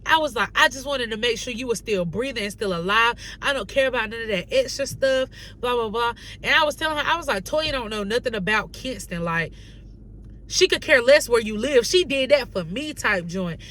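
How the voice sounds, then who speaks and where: A young woman from North Carolina telling a casual storytime on her vlog, animated and slangy, acting out the dialogue she quotes. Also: a little high, brisk, slight background noise. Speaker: vlogger.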